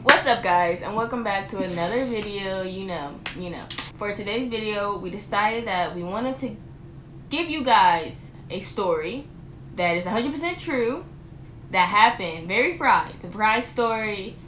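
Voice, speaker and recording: A woman's voice: mid-range voice, lively intonation, unhurried, fairly bright tone, a little hiss or hum. A young woman, a vlog co-host, rambling casually through a storytime with lots of restarts. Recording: roomy echo.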